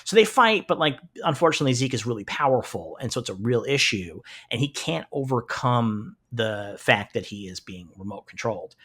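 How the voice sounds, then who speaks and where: A man co-hosting a podcast, recapping a TV show in casual chat, animated and swearing freely. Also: mid-range voice, a little fast, few pauses, breathy edge. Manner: animated, swears freely, acts out characters' lines in retelling. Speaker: podcast co-host.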